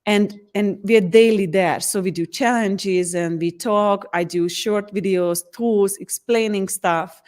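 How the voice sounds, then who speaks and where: A woman who works as an empowerment coach answers interview questions earnestly, frequently restarting her sentences and acting out quotes in a lively way. Her medium-pitched voice is unhurried, with few pauses.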